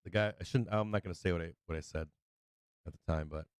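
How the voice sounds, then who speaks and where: A man's voice: low voice, fast, clear, resonant tone, no room sound. A man hosting a live stream who tells stories in a loose, rambling, profane way, restarting sentences and laughing as he goes. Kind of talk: casual rambling storytelling.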